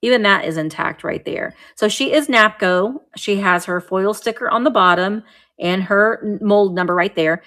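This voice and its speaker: A medium-pitched woman with a sharp tone sells vintage items on a live stream at a moderate pace, chatting as she handles and describes each one.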